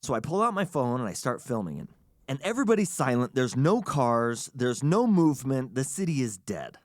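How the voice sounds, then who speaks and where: A man's voice: medium pitch, fairly quick, no echo, studio quality. A man from the United States hosting a podcast, telling a long story in a casual, chatty way and acting out the people he quotes. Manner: animated, chatty, acts out quotes. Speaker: podcast host.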